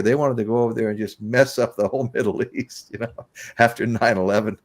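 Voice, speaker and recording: Middle-aged man in a loose, chatty live-stream talk, rambling through stories and laughing as he goes. His voice sits a bit low. He talks with an easy, offhand looseness. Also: steady tone, fast. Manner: rambling storyteller, laughs often. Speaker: host. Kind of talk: casual chat on a live stream.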